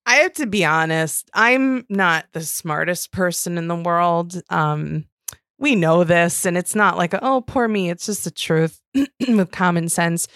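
Female podcast co-host, low-ish voice, dry close sound, loose chatty delivery with casual swearing. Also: unhurried, no echo. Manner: chatty, swears freely, animated retelling. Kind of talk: casual chat.

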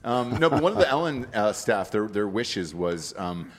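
A man's voice: lowish voice, very animated, moderate pace, slight background noise. A man hosting a casual chat, rambling and hesitant with profane asides.

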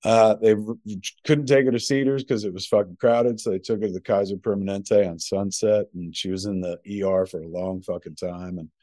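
A man's voice: on the low side, steady tone, a little fast, dark tone, no echo, clean studio sound. A middle-aged man co-hosting a podcast from home, telling a long, rambling story packed with profanity. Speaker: podcast co-host. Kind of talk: casual chat.

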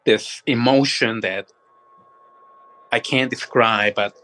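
A man in mid-range pitch recounts a haunting experience in a halting voice, stopping and restarting as the emotion catches him. faint music sits under the talk. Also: fairly even intonation, pushed and bright, poor audio. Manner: halting, with many restarts, audibly moved. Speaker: guest telling a supernatural experience. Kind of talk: emotional first-person storytelling.

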